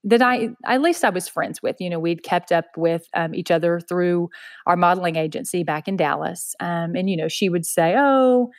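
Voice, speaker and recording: Soft-spoken Southern woman. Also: fairly low pitch, moderate pace, no room sound, clean studio sound. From Texas. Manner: soft-spoken, earnest, heavy use of "you know". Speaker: interview guest. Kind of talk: personal storytelling in conversation.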